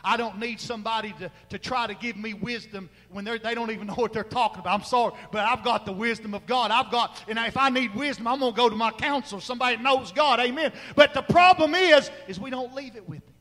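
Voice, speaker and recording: A male pastor preaching a fervent sermon, moving between shouted exhortation and quiet, low asides. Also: quick pace, few pauses, long reverb tail, rough recording. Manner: fervent, swings from loud crying out to low murmurs. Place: church sanctuary.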